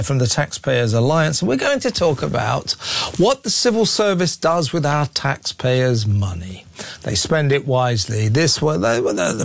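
A man hosting a talk radio show, speaking in an opinionated, sarcastic and animated way. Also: a little high, gravelly, no echo, clean studio sound.

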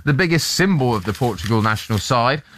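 A man hosting a casual morning radio chat, easily amazed and quick to laugh. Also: medium pitch, expressive, fairly bright tone, slight background noise. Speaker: radio host.

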